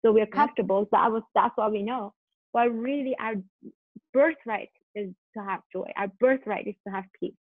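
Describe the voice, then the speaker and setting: Earnest higher-voiced woman on a tinny line. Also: normal speed, no echo. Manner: earnest, animated, repeats words and restarts. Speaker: guest, parenting coach. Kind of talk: podcast conversation. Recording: dry tinny phone-line sound.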